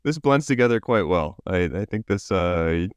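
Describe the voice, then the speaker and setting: A man's voice: sits low, animated, moderate pace, smooth, dry recording. A man co-hosting a podcast who chats casually and drops in short, amused remarks. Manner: brief, amused interjections. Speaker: podcast co-host. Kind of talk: casual chat.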